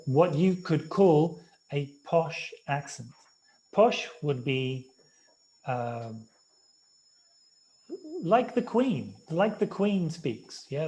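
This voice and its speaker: A man from the United Kingdom explaining things to English learners in a live online class, slowly and patiently, with many fillers. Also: on the high side, darkish tone, poor audio. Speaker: English teacher. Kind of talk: explaining to language students.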